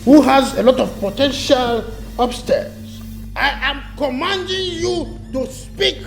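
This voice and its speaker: A man's voice: very high voice, slow, vocal fry, faint music behind, full character voice. An actor with a Nigerian accent playing a pompous, boastful man who misuses big words, in a Nollywood drama. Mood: commanding. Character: pompous boastful middle-aged man, self-styled scholar. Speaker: pompous younger brother of the chief. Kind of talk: Nollywood film acting.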